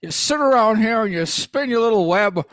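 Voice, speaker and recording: A stammering, drawling old-time movie hero who pleads and scolds in a folksy way, as a man puts him on. The voice sits well above the speaker's own and comes out louder. It is recorded dry and close. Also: high voice, lively intonation, moderate pace, no echo, voice pushed up. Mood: pleading. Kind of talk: comedic impression on a podcast.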